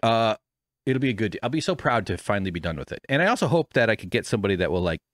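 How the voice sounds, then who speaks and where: A man's voice: fairly low pitch, very animated, racing, dry recording, clean studio sound. Rambling, self-mocking male podcast host. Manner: rambling, self-deprecating, swears freely. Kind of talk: casual rambling chat. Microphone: studio microphone with headphones.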